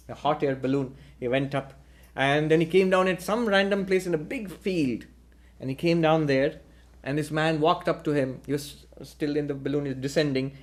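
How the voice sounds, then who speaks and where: A man, a spiritual teacher, giving a deliberate philosophical lecture and posing rhetorical questions. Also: fairly high pitch.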